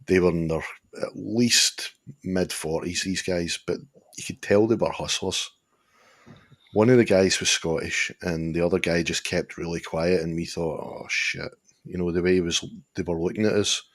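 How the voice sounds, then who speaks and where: A middle-aged man co-hosting a casual live-stream chat, telling lively anecdotes and swearing freely. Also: deep voice, moderate pace. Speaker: podcast co-host.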